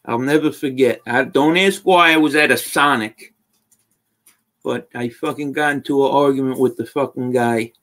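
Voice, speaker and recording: A man's voice: medium pitch, normal speed, fairly bright tone. A man joining a live chat as a guest, blunt, wisecracking and swearing freely. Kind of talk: casual chat.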